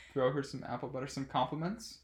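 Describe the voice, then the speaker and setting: A man's voice: mid-range voice, echoey room, slight background noise. A man guessing in a casual word game, joking dryly. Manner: dry joking.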